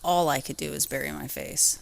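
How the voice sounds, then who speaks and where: A woman's voice: low-pitched, fairly even intonation, fairly quick, vocal fry. A woman co-hosting a podcast, chatting casually and telling a story in short bursts with frequent laughter. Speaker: podcast co-host.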